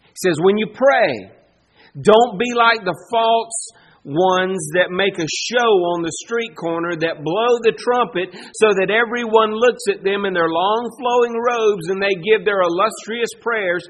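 High-voiced preacher delivering a sermon. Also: male voice, measured pace, a bit bright, slight background noise, poor audio. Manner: emphatic preaching, rising and falling in force. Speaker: pastor.

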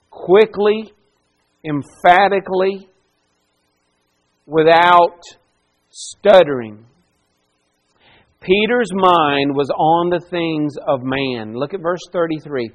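A male pastor preaching an expository sermon, emphatic and given to repetition, swinging between hushed and loud. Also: on the high side, slow pace, rough recording.

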